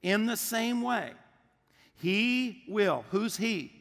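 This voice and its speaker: A man's voice: sits high, animated, drawn-out words, vocal fry, fairly bright tone, long reverb tail. A man preaching a sermon as pastor, asking the congregation questions and answering them with emphasis. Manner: emphatic call-and-response preaching.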